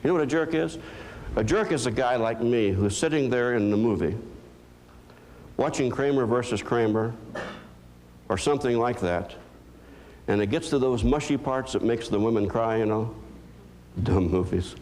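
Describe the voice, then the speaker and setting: A man's voice: medium pitch, moderate pace, pauses often, darkish tone, slight background noise. Male psychologist lecturing, earnest, emphatic storyteller, mid-range voice. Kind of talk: motivational lecture.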